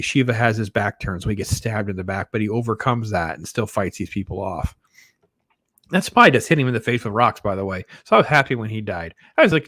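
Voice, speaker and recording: A man's voice: medium pitch, no echo, studio quality. A man giving a casual, enthusiastic film review, rambling with lots of fillers and restarts. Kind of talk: casual spoken movie review.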